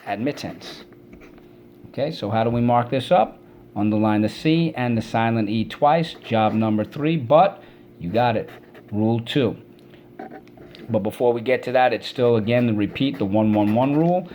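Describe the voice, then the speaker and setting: A man's voice: mid-range voice, normal speed, warm tone, a little hiss or hum. A man teaching a spelling and vocabulary lesson, drilling words syllable by syllable and prompting students to repeat after him.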